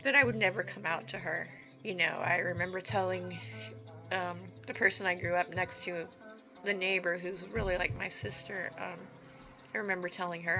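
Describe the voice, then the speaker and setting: A woman telling a personal story in a halting, earnest, reflective way. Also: fairly low pitch, steady tone, music in the background, rough recording. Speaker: vlogger.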